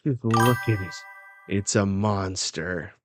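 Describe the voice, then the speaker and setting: A man reading aloud the lines of a distraught queen who is horrified by her newborn, in a raised, high-strung voice. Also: takes it slowly, over music.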